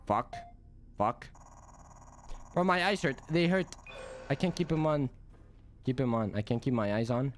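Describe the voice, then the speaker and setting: Young guy streaming a game, jumpy and swearing a lot, mid-pitched voice. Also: expressive, moderate pace, a little hiss or hum. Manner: jumpy, swears, talks to himself. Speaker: gameplay streamer. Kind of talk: let's play commentary.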